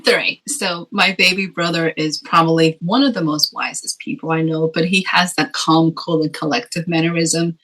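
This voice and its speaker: A woman's voice: sits low, moderate pace, hardly any pauses, low-quality recording. A middle-aged woman from Texas, a guest author, telling personal stories in an interview and acting out what people said. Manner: expressive storyteller, acts out quoted voices. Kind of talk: conversational interview.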